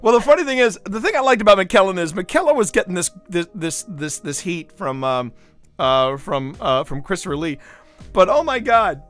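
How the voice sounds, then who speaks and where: A man streaming from home in casual chat, telling stories with lively voiced impressions. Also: high voice, moderate pace, faint music behind. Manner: animated storytelling with voiced impressions.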